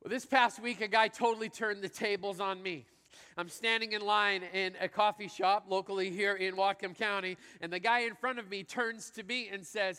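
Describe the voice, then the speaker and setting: A man preaching as a pastor, telling a story in an energetic, chatty, self-deprecating way. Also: high voice, fairly quick, clean tone. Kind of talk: sermon with storytelling. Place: large church hall. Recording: church hall reverb.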